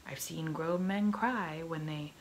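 A woman's voice: low voice, slow, a little hiss or hum, rough recording. A woman whispering an eager, dim-witted male pirate mate in a whispered role-play.

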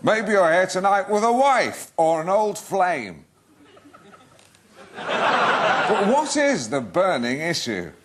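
Alan Partridge, pompous awkward host. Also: male voice, high-pitched, sing-song, slow, long pauses, full character voice. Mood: awkward bravado. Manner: pompous, flustered, self-deprecating. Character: pompous, awkward middle-aged male presenter. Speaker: awards night host. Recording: loud crowd and noise at live event. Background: crowd laughter and noise.

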